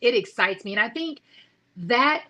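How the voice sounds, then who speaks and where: A woman in her forties hosting a motivational talk show, speaking with excited energy and asking her listeners rhetorical questions. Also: on the high side, measured pace, rough recording. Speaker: host.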